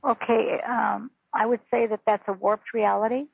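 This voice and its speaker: A woman's voice: a little high, fairly even intonation, moderate pace, gravelly, husky, dry recording. A woman spiritual teacher on a phone interview, talking in an earnest, repetitive, emphatic way. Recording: tinny phone line.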